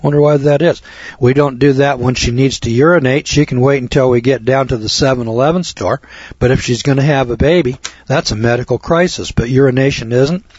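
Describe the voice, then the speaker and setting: A man's voice: mid-range voice, steady tone, fairly quick, darkish tone, slightly rough, no room sound. A man lecturing a live audience in an emphatic way, repeating key words and adding wry asides. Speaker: speaker addressing an audience. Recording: dull lo-fi recording.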